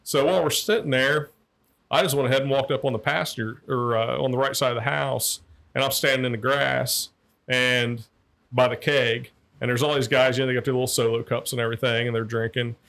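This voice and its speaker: A former liquor enforcement agent tells rambling, profane stories in casual anecdotal chat, repeating words as he restarts his sentences. His mid-range voice is steady, a little fast, fairly bright, and touched with vocal fry.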